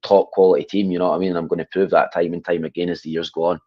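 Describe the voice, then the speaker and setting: A man's voice: low-pitched, level tone, very fast, no echo. A man with a Scottish accent, an MMA fighter answering interview questions in a casual, upbeat way, often adding "mate" and "you know what I mean", heard over dull remote call audio. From Scotland. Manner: upbeat, often tags 'mate' and 'you know what I mean'.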